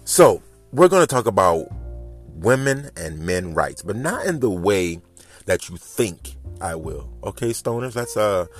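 A man in his thirties hosting a casual podcast monologue, talking in an animated, rambling way straight to his listeners. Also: on the low side, unhurried, soft background music. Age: 30s. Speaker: podcast host. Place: home, smoking while recording.

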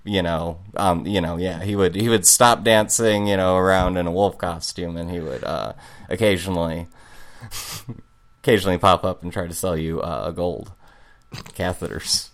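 A man bantering casually on a comedy podcast, rambling and halting, laughing often. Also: deep voice, steady tone.

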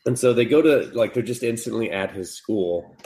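A man with a fairly low voice tells a friend about an anime episode in a loose, profane podcast chat. He keeps dropping into squeaky voices for the characters' lines, then falls back to his easy, plain tone. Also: moderate pace. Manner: profane, animated retelling, jumps into high voices for characters. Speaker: podcast co-host. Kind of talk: casual chat, recapping an anime with acted quotes.

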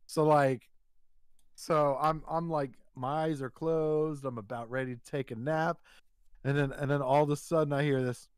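A man's voice: a little high, steady tone, moderate pace, smooth, no room sound. A man telling a long, rambling story in a casual chat, swearing freely and restarting his sentences often.

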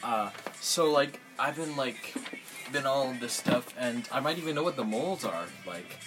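A man's voice: mid-range voice, expressive, moderate pace. Young man, rambling improv comedy, mock-menacing, music bed. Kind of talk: goofy improvised role-play with friends.

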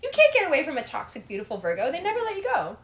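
A woman's voice: sits high, rapid-fire, reverberant. A woman chatting casually, telling stories with swearing and frequent laughter. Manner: animated, profane storytelling with frequent laughter. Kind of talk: casual chat.

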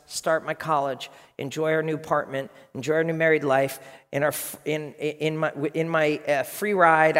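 A man in his fifties, a pastor preaching a sermon with animated, emphatic storytelling. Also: fairly high pitch, big-room sound. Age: 50s.

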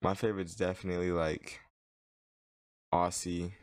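Low-voiced man, teasing podcast banter. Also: flat delivery, moderate pace, clean tone, no room sound, clean studio sound. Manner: joking, teasing, drawling. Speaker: podcast co-host. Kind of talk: casual chat.

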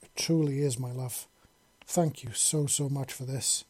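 A man reading the part of a horned, scaly lizard woman from a storybook speaks softly and lovingly, her words near a purr. The voice is dark and mellow, a little husky, recorded close and dry. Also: mid-range voice, little pitch movement, moderate pace, dry recording, close to an everyday voice. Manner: soft, affectionate purring. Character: scaly horned female lizard warrior, tender.

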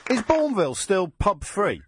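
A man hosting a radio phone-in, quick and teasing with his callers. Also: sits high, wildly swooping pitch, slight background noise. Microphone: studio microphone.

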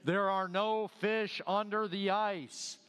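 A man voicing a booming, unseen male ice rink manager who announces slowly and loudly. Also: fairly even intonation, clean tone. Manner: slow, loud announcing voice. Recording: long hall reverb.

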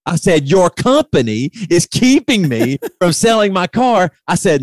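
A middle-aged man tells a long, exasperated story in casual conversation. His pitch swings widely, climbing sharply when he gets worked up, and the recording is dry and close. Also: moderate pace, no echo. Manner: animated retelling, voice rising sharply when heated.

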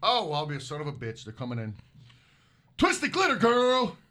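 Middle aged guy cohosting a podcast, crude jokes, laughs a ton, bright punchy voice. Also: a little high, big pitch swings, very fast. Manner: crude, joking, laughs a lot. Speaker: podcast co-host. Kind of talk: casual live podcast banter.

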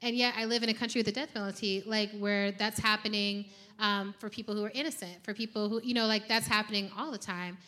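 Woman writer, bright and lively, chatty and warm-humored delivery. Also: medium pitch, fast talker, hardly any pauses. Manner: animated, laughs often. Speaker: fiction writer. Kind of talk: lively conversation.

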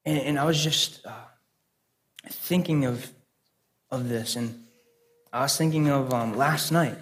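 A young man preaching a sermon through personal stories, earnest and conversational, with frequent halting restarts. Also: medium pitch, slight background noise.

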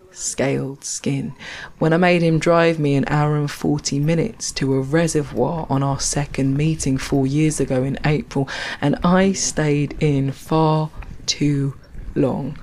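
A woman's voice: low-pitched, fairly even intonation, unhurried, darkish tone. A woman telling reflective, poetic stories with wry asides while walking outdoors along a canal. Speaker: storyteller. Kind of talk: reflective spoken-word storytelling.

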